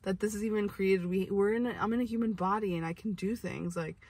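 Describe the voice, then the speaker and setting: A young woman with a mid-range, darkish voice and a breathy edge talks fast in fairly even tones. She's telling a casual story to camera, rambling with heaps of "like" and restarts, her voice picked up from a distance.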